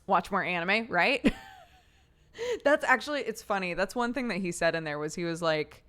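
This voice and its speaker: A woman's voice: lowish voice, expressive, moderate pace, a bit bright. A young adult woman streamer chatting casually, rambling, swearing and laughing often. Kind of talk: casual chat.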